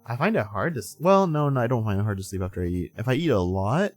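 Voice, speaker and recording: A man's voice: mid-range voice, sing-song, quick pace, a little mellow, soft background music. A man in his twenties hosting a live stream, chatting casually, sleepy and rambling with frequent laughs. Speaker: streamer host.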